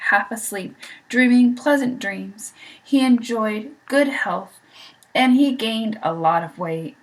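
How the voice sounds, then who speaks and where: Female storybook reader, higher voice, animated character reading. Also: poor audio. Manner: expressive, lively voices for characters. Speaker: reader of a children's book. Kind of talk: storybook read-aloud.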